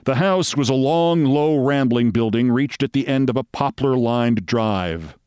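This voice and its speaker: A man reading a short story aloud as host, with measured, wry storytelling. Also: mid-range voice, darkish tone, clear, resonant tone, dry recording, clean studio sound.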